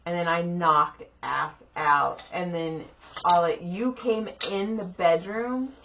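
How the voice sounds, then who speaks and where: In a slow, lowish voice, a middle-aged woman co-hosting a podcast recounts a story with tired profanity, acting out each person with quoted voices. The exhaustion comes through clearly. Faint room noise underlies audio that's a bit dull.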